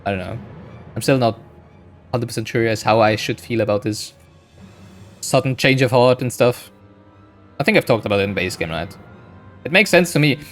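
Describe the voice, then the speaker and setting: A man's voice: medium pitch, lively intonation, moderate pace, long pauses, a bit bright, soft background music. A man giving casual, rambling gameplay commentary, thinking aloud with frequent hesitations. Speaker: gaming streamer.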